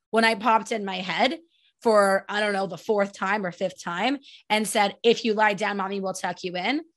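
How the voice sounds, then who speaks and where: A woman in her thirties hosting a parenting podcast, chatting in an animated way and acting out her toddler's lines. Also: on the high side. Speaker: podcast host, child sleep consultant. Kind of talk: casual solo podcast advice.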